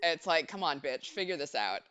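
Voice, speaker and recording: A woman's voice: deep voice, animated, normal speed. Nervous, babbling young woman streamer. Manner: nervous, babbling, lots of fillers. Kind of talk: casual let's-play chat. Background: game music.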